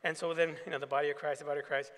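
A man's voice: on the high side, little pitch movement, racing, fairly bright tone. A man, a pastor, giving a keynote and telling anecdotes, acting out the dialogue in them. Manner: anecdotal, acts out quoted dialogue. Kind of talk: keynote storytelling to an assembly. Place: large assembly hall. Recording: long hall reverb.

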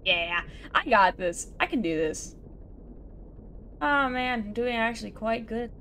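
Slightly slow and sharp in tone, her voice sits on the high side, with a little background noise. This let's play gamer talks to herself through a video game with casual self-mockery, laughing and groaning, and she lets out exasperated sighs and outbursts.

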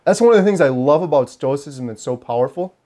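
A man's voice: fairly high pitch, expressive, quick pace, mellow. A man in his forties talking casually to camera in an earnest, preachy, motivational way, often repeating phrases for emphasis. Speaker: lifestyle vlogger.

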